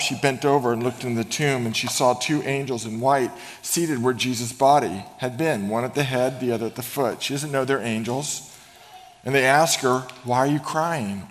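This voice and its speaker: Male pastor, mid-pitched voice, storytelling sermon with light humor and hushed emphasis, long hall reverb. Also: normal speed. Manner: storytelling preacher with humor, drops to a hush for emphasis. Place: large church sanctuary.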